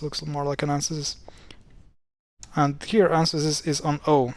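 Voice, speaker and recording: This language explainer's voice is on the high side, level in tone and measured in pace. In a casual screen-share, he chats about pronunciation, gets exasperated at words being mispronounced, and keeps restarting and filling pauses.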